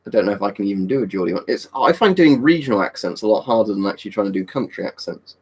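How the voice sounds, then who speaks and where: A man's voice: on the low side, lively intonation, racing, slightly rough. A man chatting casually on a live stream in a rambling, talkative way, answering viewers' questions and swearing now and then. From Britain.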